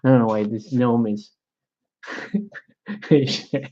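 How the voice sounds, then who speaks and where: A man's voice: medium pitch, lively intonation, slow pace, mellow, lo-fi sound. A man chatting casually while painting miniatures, laid-back and joking, swearing now and then.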